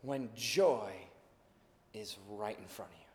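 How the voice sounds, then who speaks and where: A man in his thirties preaching a sermon, telling a story with lively acted-out dialogue and laughing along. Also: fairly low pitch, slow, a little hiss or hum. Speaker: pastor. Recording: long hall reverb.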